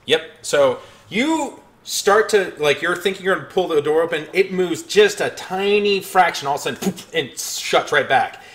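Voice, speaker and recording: A man's voice: fairly high pitch, animated, normal speed, hardly any pauses, a bit bright. A man narrating as dungeon master of a tabletop game, rambling and restarting as he describes the scene.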